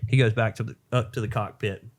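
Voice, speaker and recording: A man's voice: fairly low pitch, fairly even intonation, fast. A young adult man co-hosting a podcast, telling a long shaggy-dog joke in a rambling, filler-heavy way. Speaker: podcast co-host.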